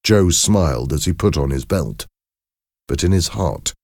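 A man reading a story aloud as narrator, in clear, measured storytelling with dramatic emphasis. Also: deep voice, lively intonation, darkish tone, no room sound, clean studio sound. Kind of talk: scripted audiobook narration.

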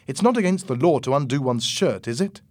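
A man plays a nervous young pilot in a storybook reading. He answers fast and defensively, his voice raised above the reader's normal tone. The recording is dry and close. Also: mid-range voice, expressive, darkish tone, no echo, pitched above the performer's own voice, lightly acted. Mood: tense, defensive. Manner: quick, defensive, lifted voice. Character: nervous young male pilot hiding a secret.

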